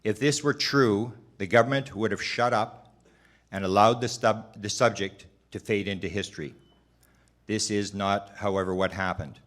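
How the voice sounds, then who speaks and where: A man delivering prepared testimony at a hearing. His reading is measured and formal. He trips over a word now and then and starts it again. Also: on the low side, fairly even intonation, fairly bright tone.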